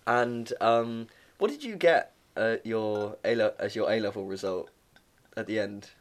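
A man's voice: lowish voice, unhurried. A young man from England co-hosting a podcast, chatting casually, telling stories and joking. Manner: chatty, jokey storytelling, laughs often. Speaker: podcast co-host. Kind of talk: casual chat.

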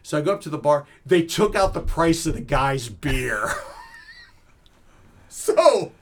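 Middle-aged man telling lively stories. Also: fairly high pitch, takes it slowly. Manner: animated anecdotes, laughs often. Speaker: guest, comedic magician. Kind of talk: casual storytelling in an interview.

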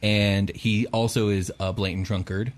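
A young man narrates a tabletop game as game master, in a slightly low voice. He is relaxed and chatty and fills his sentences with ums and uhs. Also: normal speed. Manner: relaxed, laughs often, filler-heavy.

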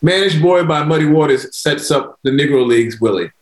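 A man, a film director being interviewed, telling anecdotes in a relaxed way. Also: a little high, fairly quick. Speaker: documentary director guest. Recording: roomy echo.

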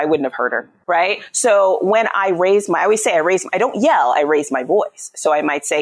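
A woman's voice: lowish voice, animated, normal speed, hardly any pauses. A woman psychologist and parenting coach explaining her ideas in a conversational interview, often checking in with "right?".

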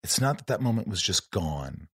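A man's voice: on the low side, sing-song, normal speed, slightly rough, no room sound, studio quality. A man hosting a podcast, telling a personal story in casual chat and acting out the dialogue. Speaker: podcast host.

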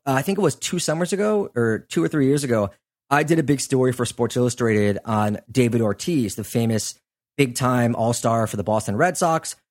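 A man's voice: mid-range voice, darkish tone. Laid-back man telling a story. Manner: conversational, loose, lots of fillers. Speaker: podcast host; sports journalist. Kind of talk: casual storytelling chat.

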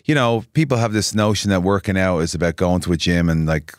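A man's voice: low voice, animated, a little fast, no echo, studio quality. A man with a Dublin Irish accent, a podcast guest in casual chat, rambling along with lots of "you know" and "like". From Ireland.

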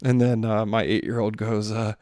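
A man in his thirties or forties tells a family story in a relaxed, rambling way, full of "you know" and restarts. His voice is smooth and clear at an average pitch. The recording is dry, made close on a handheld mic in a bedroom at home. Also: normal speed, dry recording. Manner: chatty, loose, many fillers and restarts. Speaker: podcast host and father. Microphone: handheld microphone.

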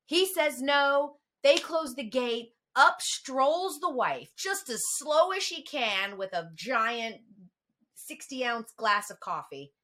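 A woman's voice: high voice, animated, takes it slowly, fairly bright tone. A woman co-hosting a casual podcast chat, telling stories animatedly and acting out the people she quotes. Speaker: podcast co-host.

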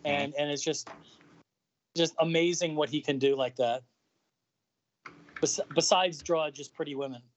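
A man co-hosting a podcast in casual chat, talking in halting bursts with many restarts. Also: a little high, fairly even intonation, a little hiss or hum. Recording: dry, dull lo-fi sound.

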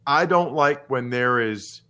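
A man's voice: mid-range voice, slow pace, clean tone. A man in his forties hosting a sports podcast, a former pro football player who talks casually and with strong opinions, jumping from topic to topic. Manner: animated, opinionated, jumps between topics.

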